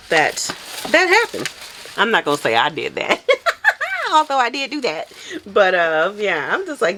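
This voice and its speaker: Woman, low voice, very lively delivery, casual packing chat, noisy recording with crinkling. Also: normal speed. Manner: animated storytelling, laughs often. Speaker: soap maker vlogger.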